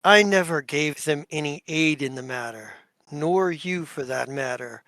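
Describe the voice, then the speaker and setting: A man voicing an imperious, commanding male duke who speaks formally and slowly. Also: a little high, a bit bright, dry recording. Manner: formal, pronouncing judgment slowly.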